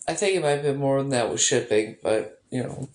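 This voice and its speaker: A woman's voice: extremely low pitch, a little mellow. A woman vlogging in casual personal chat, rambling and emotional, swearing often. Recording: echoey room.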